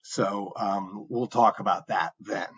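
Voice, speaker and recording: Man lecturing in an easygoing, halting way. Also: fairly low pitch, steady tone, vocal fry, a bit bright, breathy edge, dull audio. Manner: conversational, with many fillers and restarts. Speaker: university lecturer. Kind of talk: recorded engineering lecture.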